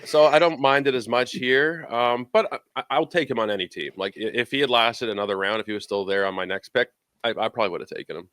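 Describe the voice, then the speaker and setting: Low-voiced man talking fantasy baseball. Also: quick pace, fairly bright tone, no echo. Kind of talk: casual sports podcast chat.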